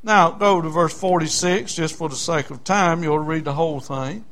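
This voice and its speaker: A man's voice: a little high, normal speed, fairly bright tone. A man with a Southern US accent preaching a folksy, fervent sermon, retelling a Bible story. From South Carolina.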